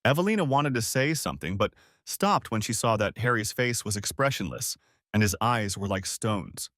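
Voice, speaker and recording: A man's voice: medium pitch, fairly bright tone, no room sound, clean studio sound. Man narrating an audiobook story.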